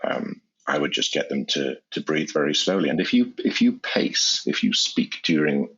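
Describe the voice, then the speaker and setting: A man speaking as an anesthesiologist guest in an interview, explaining in a measured way and often repeating words as he restarts. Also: rumbling low, big pitch swings, fairly bright tone, husky. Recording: dull lo-fi sound.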